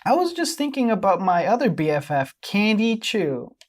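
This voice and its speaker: A woman voicing a bubbly, excitable young girl in a high, eager, sing-song voice while reading fan fiction aloud. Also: moderate pace. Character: bubbly excitable girl, boy-crazy, upbeat.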